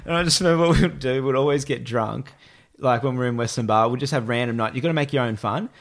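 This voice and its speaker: Australian man, relaxed guest, loose slangy storyteller, mid-pitched voice. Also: quick pace. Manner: laid-back, slangy, rambling. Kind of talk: casual storytelling.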